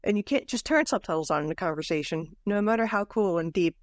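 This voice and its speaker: A woman's voice: fairly low pitch, expressive, fast, no room sound, clean studio sound. A woman co-hosting a podcast, chatting casually about a book with fillers and restarts. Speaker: podcast co-host. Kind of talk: casual book club chat.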